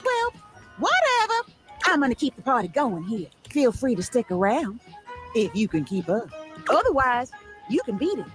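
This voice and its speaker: Rainey, a jazzy flapper record player. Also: female voice, a little high, very animated, normal speed, fairly bright tone, soft background music. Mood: wistful, breezy. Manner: old-timey jazzy patter. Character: flirty 1920s flapper record player woman. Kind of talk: video game voice acting.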